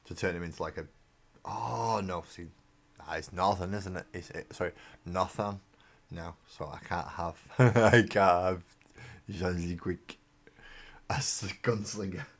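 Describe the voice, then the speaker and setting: A man from England hosts a live webcam stream through a desk mic, talking in a deep voice with fairly even intonation at a slightly slow pace. As he builds miniatures he chats in a rambling, self-deprecating way, frequently trailing into mumbles.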